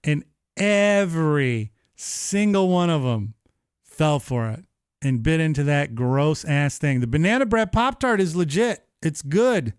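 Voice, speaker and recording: A man in his thirties hosting a live-streamed show, chatting casually in an animated, profane, rambling way. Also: a little high, a little slow, smooth, no echo, studio quality. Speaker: livestream show host.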